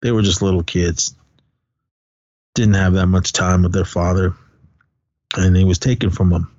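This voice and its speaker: A middle-aged man from California, chatting on a podcast, telling stories in a profane, animated rant. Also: deep voice, moderate pace, no echo. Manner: profane, ranting, animated storytelling. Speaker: podcast co-host. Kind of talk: casual podcast chat. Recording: dull, dry podcast recording.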